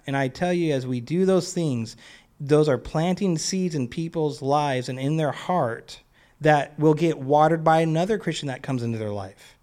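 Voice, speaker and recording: A man's voice: mid-range voice, darkish tone. A man preaching an earnest, conversational sermon, chuckling now and then at his own stories. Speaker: lay preacher and business owner.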